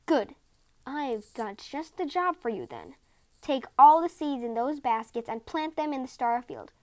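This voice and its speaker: Brief: woman putting on a gruff, bellowing old celestial father for a storybook, forceful and loud in the higher range. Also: big pitch swings, a little slow. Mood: stern. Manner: roaring, scowling, commanding. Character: stern bearded old male heavenly father.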